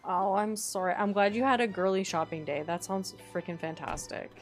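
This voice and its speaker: A woman streaming and chatting casually with her viewers, playful and laughing often, her voice a little rough. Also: medium pitch, normal speed, soft background music. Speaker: streamer reading chat. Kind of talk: casual live-stream chat.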